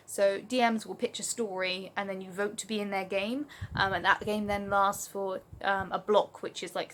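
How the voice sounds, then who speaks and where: A woman's voice: medium pitch, fairly bright tone, a little hiss or hum. A young English woman from Oxfordshire, rambling through a casual Q&A vlog with lots of ums, recorded on a phone. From Oxfordshire, England. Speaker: vlogger.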